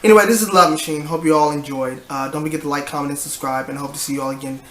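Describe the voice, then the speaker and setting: A man's voice: fairly high pitch, steady tone, racing, fairly bright tone, echoey room. A tired young man, rambling and sighing as he tells a vlog story about his work day. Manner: tired, rambling, frequent restarts and sighs. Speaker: vlogger.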